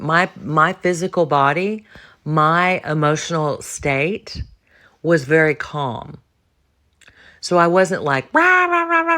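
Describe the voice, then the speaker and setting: A woman's voice: low voice, fairly bright tone. A woman talks alone on her podcast about personal growth, speaking bluntly and with conviction. She stresses key words by repeating them and often turns to address the listener directly. Her delivery stays self-assured and emphatic throughout. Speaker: podcast host. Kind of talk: solo monologue on personal development.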